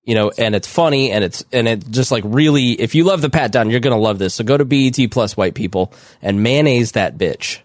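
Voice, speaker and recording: पॉडकास्ट का एक पुरुष सह-होस्ट, बीच की आवाज़ में सहज और मज़ाकिया अंदाज़ में बात करता है। आवाज़ सूखी, बिना गूँज के।. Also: male voice, medium pitch, brisk, hardly any pauses, no echo, studio quality. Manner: easygoing, joking, laughs often. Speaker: podcast co-host. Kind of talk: casual podcast chat.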